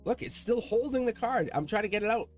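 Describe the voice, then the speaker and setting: A male tarot reader with a fairly high, widely swinging voice rambles quickly through a casual reading, animated as he talks to his cards and chuckles. Soft music plays faintly in the background.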